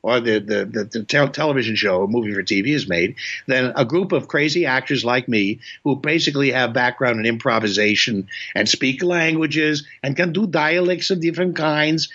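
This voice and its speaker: A man's voice: medium pitch, moderate pace, a bit bright, lo-fi sound. An older man from Indiana, a comedian and voice actor, telling rambling anecdotes as a guest with many restarts and chuckles. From Indiana, United States. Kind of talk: casual storytelling interview.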